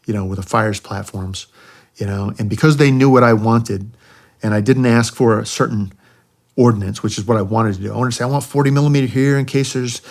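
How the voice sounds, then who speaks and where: A middle-aged American veteran pilot speaks as a podcast guest, his voice sitting a little low. He tells hard war stories candidly and conversationally, slipping into the voices of the people he quotes. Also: fairly even intonation, fairly quick, vocal fry. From United States. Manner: conversational, acts out quoted voices, frequent "you know". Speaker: guest, retired army helicopter pilot. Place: podcast studio.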